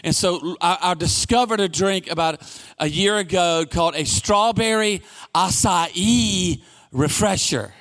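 A middle-aged male pastor preaching a sermon, telling stories in an animated way and shouting out lines for emphasis. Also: sits high, unhurried.

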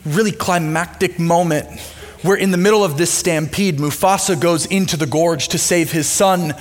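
A man with a high voice delivers a sermon as relaxed, animated storytelling, filled with fillers and asides. He is speaking in a church auditorium with long reverb. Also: moderate pace. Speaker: pastor. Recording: long reverb of a large hall.

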